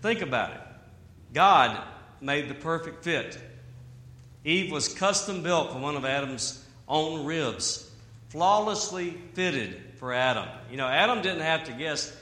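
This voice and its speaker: A man preaching a sermon in an animated way, with humor and asides. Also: on the high side, measured pace. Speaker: pastor. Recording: echoey hall.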